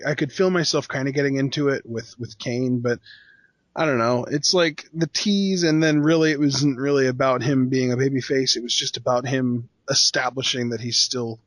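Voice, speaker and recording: A man co-hosts a casual podcast, answering in a hesitant, unsure way and trailing off. His voice sits at a middle pitch. The recording is dry and close. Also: dry recording. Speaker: podcast co-host. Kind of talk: casual chat.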